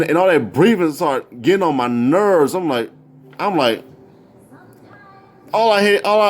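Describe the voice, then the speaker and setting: A man in his thirties tells a personal story in loose, casual speech, full of restarts and repeated words. His voice rides up and down over a wide range, jumping high whenever he gets into the story. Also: slight background noise. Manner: rambling, repeats words and restarts, jumps into high excited voices when quoting.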